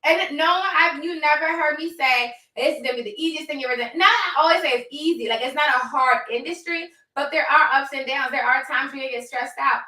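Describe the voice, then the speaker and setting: Emphatic woman coaching viewers, bright tone. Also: high-pitched, brisk, hardly any pauses, roomy sound, far from the mic, poor audio. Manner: emphatic, repeats for stress, addresses viewers directly. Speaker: host, notary business coach. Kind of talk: casual livestream talk.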